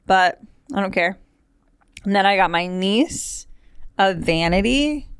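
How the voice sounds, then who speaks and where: A woman's voice: medium pitch, expressive, takes it slowly, clean tone, no room sound. A woman hosting a podcast, talking casually in a rambling, chatty way with wry asides, recorded in a studio. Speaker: podcast host. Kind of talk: casual chat.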